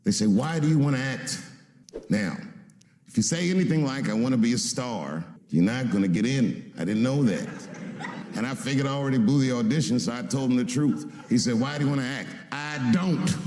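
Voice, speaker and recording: A man doing stand-up storytelling, animated and swinging between low mutters and high exclaims. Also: fairly quick. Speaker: stand-up comedian. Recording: echoey hall with faint noise.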